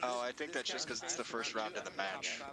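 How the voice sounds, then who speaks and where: A man's voice: mid-range voice, brisk, over a noisy crowd. A man chatting casually with other players, joking and explaining how the game works. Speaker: player in voice chat. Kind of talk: casual gaming chat.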